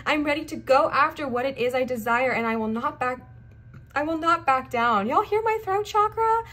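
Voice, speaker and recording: A young woman doing a casual tarot card reading, talking straight to her viewers. She sounds chatty and emphatic, repeats her encouragements and slips in little asides. Her voice sits fairly high. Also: moderate pace, bright, forceful tone. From Southern United States.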